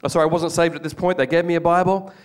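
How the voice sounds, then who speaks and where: A man preaching a personal testimony to a church crowd, his voice a touch high and notably smooth and resonant. He talks in an earnest storytelling way, often stopping to restart and repeating words. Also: fairly even intonation, rapid-fire. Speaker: guest speaker giving testimony. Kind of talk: testimony sermon to a congregation.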